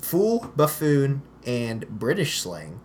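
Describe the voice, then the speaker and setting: A podcast co-host in casual movie-review chat, animated and quick to laugh, with dry asides. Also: mid-range voice, slight background noise.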